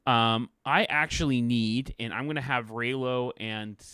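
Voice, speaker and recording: Smooth-voiced man running a tabletop game. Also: mid-range voice, a little slow, no room sound, studio quality. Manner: relaxed, chatty, with fillers. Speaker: game master. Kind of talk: narrating a tabletop game over a video call.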